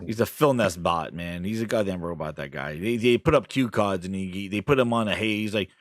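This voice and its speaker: A man's voice: low-pitched, fairly quick, no echo, clean studio sound. A man hosting a gaming podcast, ranting casually in a profane, mocking way and laughing often. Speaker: podcast host.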